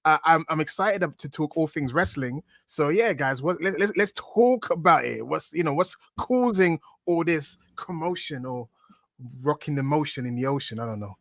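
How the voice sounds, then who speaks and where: A man's voice: fairly high pitch, animated, moderate pace, fairly bright tone, no echo. Playful rambling man on a video call. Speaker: guest pundit. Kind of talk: casual podcast chat.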